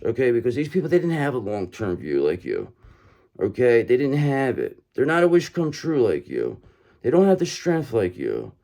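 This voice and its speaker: Emphatic, lively-voiced male tarot reader. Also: mid-range voice. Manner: emphatic, repeats lines, says "okay?" and "brother" often. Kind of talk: tarot reading to camera.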